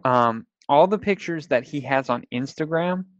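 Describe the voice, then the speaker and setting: A man co-hosting a casual chat, animated and laughing, acting out what other people said. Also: on the high side, moderate pace, dry recording, highs cut off. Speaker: podcast co-host.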